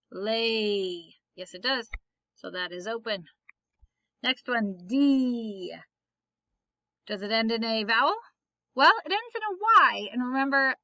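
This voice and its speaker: A woman's voice: a little high, bright, forceful tone, no room sound, dull audio. A woman teaching a phonics lesson, patiently asking questions and then answering them herself. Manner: patient, asks and answers her own questions.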